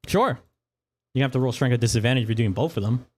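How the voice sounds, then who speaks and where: A male game master runs a tabletop session in a loose, casual way. He swears freely and laughs often as he narrates. His voice sits at an ordinary middle pitch. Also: fast talker, darkish tone.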